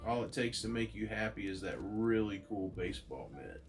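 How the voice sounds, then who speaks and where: A man's voice: fairly low pitch, expressive, normal speed, soft background music. A man reading as an earnest young male hero.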